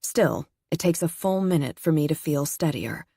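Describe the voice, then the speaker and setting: Female audiobook narrator, low register, dry close sound, steady first-person delivery. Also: moderate pace, gravelly, breathy edge, no room sound.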